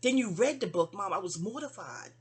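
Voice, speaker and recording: Here a New York vlogger in middle age addresses her mother, her mid-range voice expressive and slightly quick. The monologue is personal, frank, and meandering, full of tangents and stumbling restarts.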